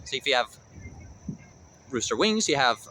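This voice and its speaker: Bright-voiced man teaching pronunciation. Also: medium pitch, sing-song, slight background noise, rough recording. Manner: slow, careful sounding-out of words. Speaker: language teacher. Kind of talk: pronunciation lesson.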